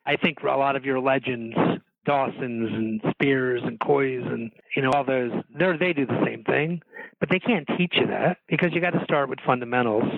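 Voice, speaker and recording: A man's voice: medium pitch, moderate pace, gravelly, no echo. A middle-aged man, a dentist, talking casually and earnestly to fellow dentists and acting out what he tells his patients. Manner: earnest, explains with examples, acts out lines to patients. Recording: tinny phone line, dry.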